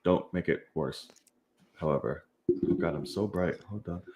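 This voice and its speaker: A man's voice: sits low, normal speed, darkish tone. A young man hosting a casual film podcast, hyping the channel, chatting loosely and swearing freely. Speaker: podcast host. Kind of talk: casual chat.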